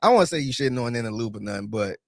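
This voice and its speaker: A man's voice: mid-range voice, lively intonation, very fast, creaky, no room sound. Laid-back man co-host, dry sound. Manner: laid-back, agreeable, hesitant restarts. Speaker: podcast co-host. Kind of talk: casual sports chat.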